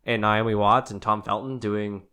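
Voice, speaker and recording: A man hosting a relaxed podcast, running through trailers and news items. He laughs often and fills his sentences with ums and likes. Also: lowish voice, moderate pace, clear, resonant tone. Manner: easygoing, laughs often, reads out items with fillers. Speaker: podcast host. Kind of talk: casual chat and news rundown.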